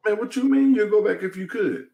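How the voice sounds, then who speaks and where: A man's voice: high voice, a little fast, gravelly, lo-fi sound. A man asking questions and chiming in during casual podcast chat. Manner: animated, questioning.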